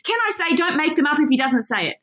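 A woman teaching a Bible study with passion, excited and emphatic, often laughing. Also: high-pitched, quick pace.

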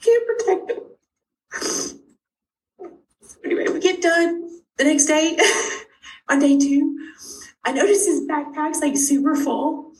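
A middle-aged woman telling a personal story about her child's illness, acting out each exchange with big jumps in pitch. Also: slow, pauses often. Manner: animated, acts out dialogue with big pitch jumps. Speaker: parent of a sick child. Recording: roomy sound from a distant mic.

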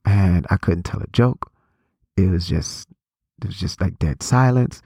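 A man in his forties gives a preachy motivational talk, circling back on phrases and restarting sentences. His voice is low and gravelly. The recording is dry and close to the mic. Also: unhurried, dark tone, no echo. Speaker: motivational speaker.

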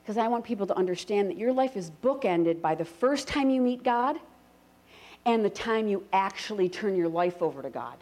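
A middle-aged woman preaching to a congregation in a lively, conversational way. Her voice swoops up and down as she talks, and it climbs high and strong when she leads the room in prayer. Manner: conversational, animated, rising to fervent prayer. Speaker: speaker at a church gathering. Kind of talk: sermon to a live congregation.

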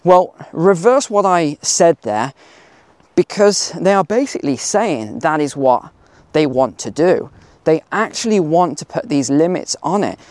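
A man's voice: a little high, very animated, measured pace, darkish tone, dry recording. A man hosting a casual finance talk outdoors on a hill, chatty with emphatic asides. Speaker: finance channel host.

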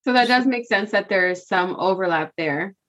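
A woman's voice: mid-range voice, moderate pace, fairly bright tone. A woman co-hosting a podcast in casual chat, talking freely, thinking aloud and laughing easily. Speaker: podcast co-host. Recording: slightly dull lo-fi sound.

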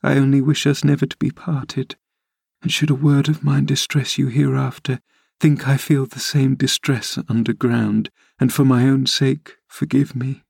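A man's voice: mid-range voice, little pitch movement, normal speed, creaky, a little mellow, slightly rough, no room sound, studio quality, pitched above the performer's own voice. A man voicing a dying young woman, bitter and yearning, pleading with feverish passion.

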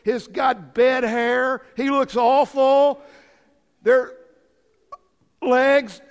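A man in his fifties preaching a sermon, swinging from loud dramatic calls to hushed low lines. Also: fairly even intonation, very slow, clean tone, highs cut off. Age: 50s. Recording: long hall reverb.

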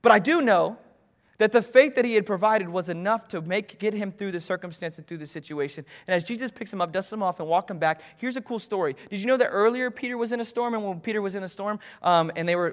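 A young man preaching a sermon, telling a personal story and swinging between loud urgency and hushed intimacy. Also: sits high. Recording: hall reverb.

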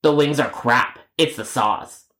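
A man's voice: medium pitch, pushed and bright. A man voicing a rude, whiny grown man customer who trades insults and drags out his complaints in a storytime cartoon. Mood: stubborn. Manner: insulting, stubborn, drawn-out complaints.

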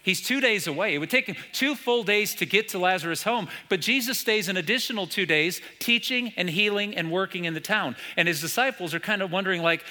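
A man's voice: high-pitched, lively intonation, brisk, few pauses, sharp tone. A man with an American accent preaching a sermon from a church stage, retelling stories and asking the congregation questions. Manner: storytelling, with rhetorical questions to the congregation. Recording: long hall reverb.

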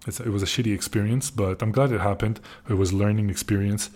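A man's voice: on the low side, quick pace. A man casually telling a story on a podcast, swearing often and restarting his sentences as he gets worked up. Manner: profane, excitable, frequent restarts. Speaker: podcast host.

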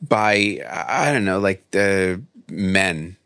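A man, a Bible professor in a relaxed discussion, thinking aloud and acting out quoted lines in shifting voices. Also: low-pitched, extremely slow, clear, resonant tone, no room sound, clean studio sound. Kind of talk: conversational discussion.

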